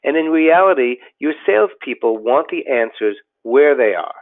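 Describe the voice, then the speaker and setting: Man, business webinar presenter, steady explanatory delivery, mid-pitched voice, narrow phone-like sound. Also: normal speed, few pauses. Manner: steady, explanatory, with occasional fillers and restarts. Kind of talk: scripted webinar presentation over slides. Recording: tinny phone-like audio.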